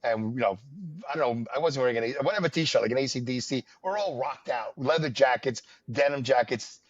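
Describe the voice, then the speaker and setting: Rambling older New storyteller. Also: male voice, medium pitch, fairly quick. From New York area, US. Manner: rambling, wry storyteller with many fillers. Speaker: podcast host. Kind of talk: casual chat, storytelling. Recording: dull lo-fi dry sound.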